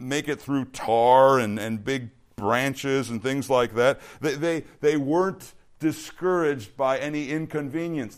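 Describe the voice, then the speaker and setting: A young adult man and youth pastor giving an earnest sermon to students, often repeating words as he restarts a thought. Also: mid-range voice.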